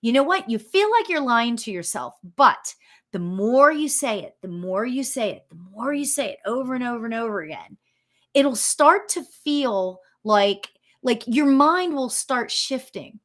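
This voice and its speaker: A woman talks through a casual live stream as a spiritual medium. Her fairly high voice leaps up and down as she chats. She laughs easily and cheers her viewers on. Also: unhurried. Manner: chatty and encouraging, reads viewer comments aloud; animated, leaps in pitch, laughs often.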